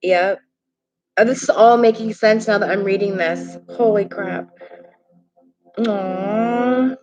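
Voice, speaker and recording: A woman's voice: mid-range voice, takes it slowly, a little mellow, soft background music, low-quality recording. A woman doing a casual live-stream tarot reading from her laptop, chatty and emotional as she reacts aloud to viewer comments. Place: home desk at a laptop. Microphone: laptop microphone.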